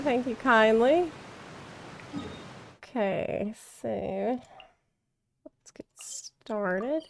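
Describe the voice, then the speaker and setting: Playing through a game, a woman streamer gives casual commentary, chatty and giggly, laughing and reacting as she goes. Her voice is a little high, and there's a little hiss or hum on the recording.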